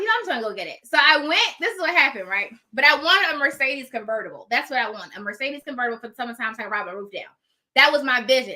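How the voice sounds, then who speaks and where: A woman telling a personal story in casual style, animated, laughing often and acting out the dialogue. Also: fairly high pitch. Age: adult with children.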